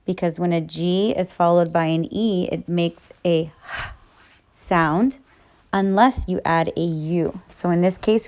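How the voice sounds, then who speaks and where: A woman with a somewhat low voice teaches a Spanish grammar review. She lays out each rule patiently, one step at a time, like a teacher working through examples. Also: steady tone, a little slow, a little mellow. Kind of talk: explaining grammar in a recorded lesson.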